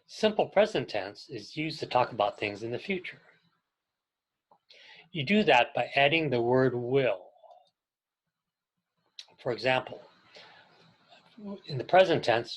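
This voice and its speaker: Slow, patient male English teacher. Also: medium pitch, fairly bright tone, rough recording. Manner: patient, deliberate, pauses for learners to repeat. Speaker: ESL teacher. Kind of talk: slow, clear classroom instruction with repeat-after-me drills.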